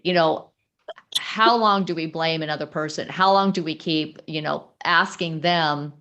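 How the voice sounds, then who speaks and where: Low-voiced woman host, explaining. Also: fairly bright tone, highs cut off. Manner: measured, explanatory, cites books. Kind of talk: casual discussion.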